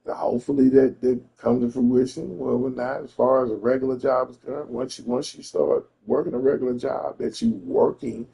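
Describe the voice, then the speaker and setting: A man's voice: mid-range voice, creaky, warm tone. A man telling a story in a casual, profane rant to a friend, emphatic and repeating himself.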